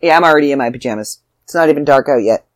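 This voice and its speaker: A woman's voice: rumbling low, racing, dry recording. A woman, hosting her own podcast as an author, chatty and self-deprecating, sounding tired. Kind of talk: casual solo podcast chat.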